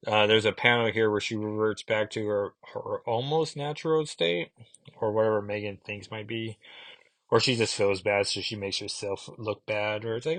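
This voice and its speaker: A man's voice: lowish voice, little pitch movement, normal speed, fairly bright tone, dry recording. A man casually reviewing comic books, rambling with fillers and asides.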